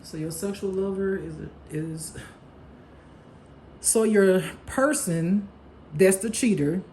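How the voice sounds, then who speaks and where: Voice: medium pitch, slow pace, mellow, a little hiss or hum. An intuitive tarot reader giving a casual spiritual reading monologue, blunt and profane, laughing often as they act out gossip.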